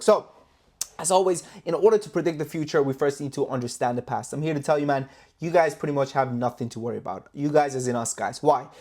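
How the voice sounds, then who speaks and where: Brash, profane trading vlogger. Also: male voice, on the high side, a little mellow. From Canada. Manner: brash, profane, hype-driven, rhetorical questions. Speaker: stock trading YouTuber. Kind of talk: market commentary vlog. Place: London, indoors.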